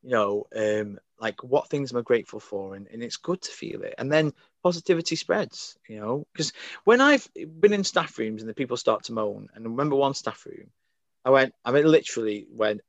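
A man's voice: mid-range voice, brisk, dry recording, muffled recording. A man from Crewe with a northern English accent, chatting animatedly as a podcast guest and coaching from home. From Crewe, England. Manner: chatty, animated, jokey storyteller. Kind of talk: casual podcast chat.

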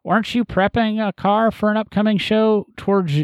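A man's voice: sits high, level tone, moderate pace, clean tone, dry recording. A man co-hosting a podcast in casual chat, rambling and easygoing, with many fillers. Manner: rambling, easygoing, frequent "you know" fillers. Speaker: podcast co-host.

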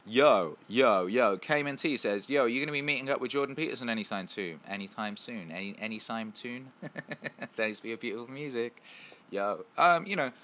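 A man hosting a casual livestream, reading out viewer comments and riffing playfully with lots of repetition and shout-outs. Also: lowish voice, animated, normal speed, slight background noise. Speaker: show host.

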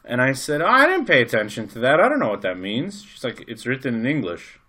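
A man's voice: mid-range voice, fast talker. An American man in his thirties, a podcast co-host telling jokey stories and acting out the voices of the people in them. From United States. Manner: animated, jokey storyteller acting out quotes. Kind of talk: casual storytelling chat.

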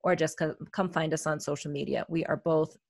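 A woman with a deep voice co-hosts a wellness podcast, speaking in a level tone at a slightly fast pace with no echo. She's a therapist, and her casual chat is reflective and full of fillers.

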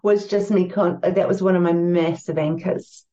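New Zealand woman guest, warm dark tone, gentle and spiritual, muffled remote line. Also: on the low side, fairly even intonation, moderate pace. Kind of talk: reflective conversational chat.

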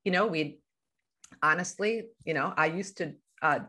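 Low-voiced woman coaching by example. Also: unhurried, bright, forceful tone. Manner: explains through everyday examples, with a laugh. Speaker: life coach guest. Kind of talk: conversational podcast interview. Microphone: video call.

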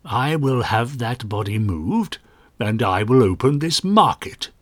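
A man's voice: mid-range voice, animated, measured pace, dry recording. A man voicing a pompous, swaggering male police inspector who talks down to others. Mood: smug. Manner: puffed-up, condescending.

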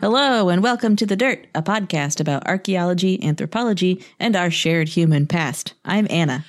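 A woman's voice: lowish voice, lively intonation, moderate pace, over loud music. A woman co-hosting a casual podcast, playful and laughing often. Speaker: podcast co-host.

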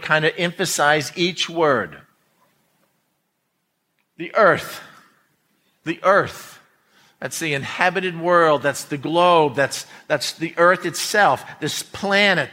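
Male preacher, bright forceful tone, slightly high pitch, deliberate emphatic sermon delivery. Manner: slow, emphatic preaching with dramatic pauses. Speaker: pastor.

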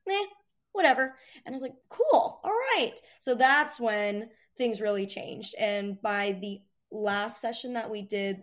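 A woman answering interview questions about training her dog, animated and acting out cheerful voices. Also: on the high side.

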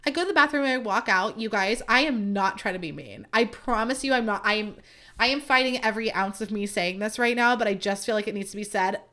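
A woman's voice: mid-range voice, fast, sharp tone. Chatty woman telling a story. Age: 30s. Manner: chatty, full of "like" and asides to listeners. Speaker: podcast host. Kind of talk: casual storytelling.

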